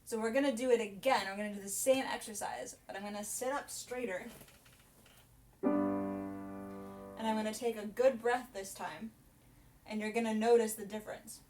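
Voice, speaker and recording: A woman's voice: a little high, steady tone, normal speed, long pauses. A young woman, a soprano singing teacher, chatting through a casual vocal lesson in an explanatory way. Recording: voice from a distance, piano behind.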